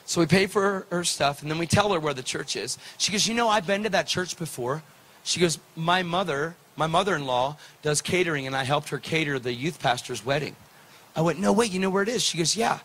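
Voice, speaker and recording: Guy preaching, fairly high voice, animated storytelling, acts out the dialogue. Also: a little fast. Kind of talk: sermon storytelling.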